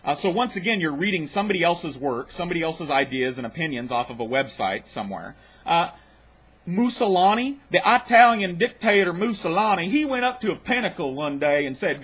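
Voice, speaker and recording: A man's voice: high voice, expressive, fairly quick, fairly bright tone, breathy edge. A man hosting his own video, rebutting a clip with a blunt, mocking, profane rant. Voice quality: blunt, mocking, swears freely.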